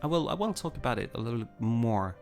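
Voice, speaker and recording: Fast and expressive, this mid-range male voice is a little mellow, with soft music in the background. The French-speaking livestream host chats casually and reads viewer comments, rambling and restarting sentences as he answers.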